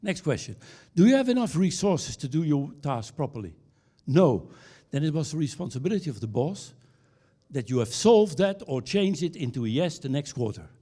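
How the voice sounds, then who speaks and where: A man's voice: a little high, very animated, mellow. A man giving a conference keynote. He tells anecdotes, restarts his sentences and ends on punchlines. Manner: anecdotal storyteller with halting restarts, ending on punchlines. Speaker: keynote speaker. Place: conference stage.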